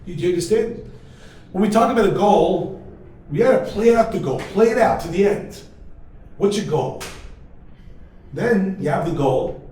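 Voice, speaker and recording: A man teaching a class as a rabbi, lively and full of humor, who keeps asking his listeners rhetorical questions. His voice sits a bit high for a man and echoes heavily around a large hall. He is recorded from a distance, with a faint hiss underneath. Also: moderate pace, long pauses. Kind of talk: lively classroom lecture with storytelling. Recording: very echoey hall, mic far off, faint noise.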